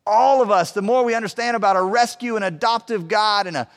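High-voiced male preacher in a reverberant hall. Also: brisk. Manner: conversational, emphatic preaching with rhetorical questions. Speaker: pastor. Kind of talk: sermon. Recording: long reverb of a large hall.

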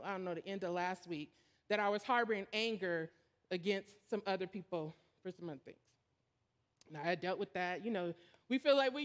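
A woman preacher giving a sermon in a candid, storytelling way, building to emphatic points. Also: medium pitch. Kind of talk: conversational sermon.

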